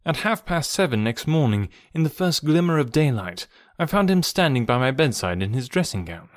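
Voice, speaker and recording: A man narrates a classic detective tale in a steady, even reading voice. His pitch sits in the middle, and the recording is dry and close with no room sound. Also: normal speed, no room sound. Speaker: audiobook narrator. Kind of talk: storybook narration.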